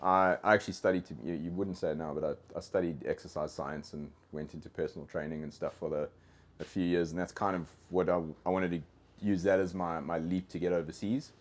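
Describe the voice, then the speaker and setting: Deep-voiced South African man, rambling. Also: steady tone, fast talker. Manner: rambling, with frequent restarts and fillers. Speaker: guest, dog trainer. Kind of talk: casual podcast conversation.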